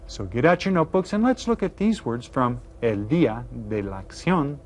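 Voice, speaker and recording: A man leads a beginner Spanish video lesson, upbeat, playful and encouraging, stretching out each new word slowly and carefully. His medium-pitched voice is very animated with a darkish tone, and there's a faint hiss or hum.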